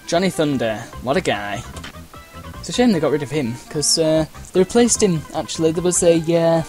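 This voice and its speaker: A mellow, fairly high-pitched male voice at normal speed narrates a race in loose let's-play style. He fills it with uhs, side stories and playful exclamations, while game music and sound effects run in the background.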